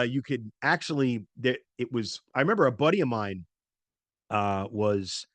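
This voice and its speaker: A man's voice: mid-range voice, fairly bright tone, no room sound. A middle-aged man hosting a casual movie talk show, rambling with lots of fillers and self-corrections. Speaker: podcast host.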